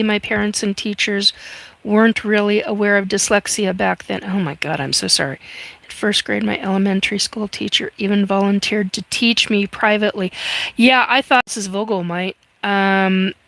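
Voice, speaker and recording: A woman in her fifties hosts a casual livestream from home, greeting viewers and reading their comments aloud. Her voice has a gravelly, fry-laden texture and sits in a middle pitch. The sound is dry and close to the mic. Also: a bit bright, dry recording. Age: 50s. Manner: chatty, reads viewer comments aloud, frequent fillers. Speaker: livestream host reading chat. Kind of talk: casual live chat.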